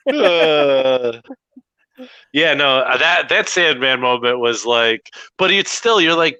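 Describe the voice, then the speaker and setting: Male podcast co-host, very bright animated voice, dry close sound, laughs a lot, swears freely. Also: fairly high pitch, takes it slowly, vocal fry, clear, resonant tone, dry recording, highs cut off. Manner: laughing, profane, excitable. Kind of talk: casual chat.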